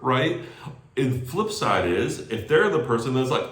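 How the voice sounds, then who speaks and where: A man giving energetic sales call training who often adds "right?" after his points. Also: mid-range voice, moderate pace, roomy sound. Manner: energetic, animated, tags lines with "right?". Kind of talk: training talk.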